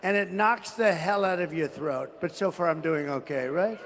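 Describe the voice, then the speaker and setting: A man's voice: a little high, normal speed, a bit bright, slight background noise. A man giving a rambling, indignant rally speech, grumbling about his microphone, recorded in an echoing arena. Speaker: political candidate at a rally.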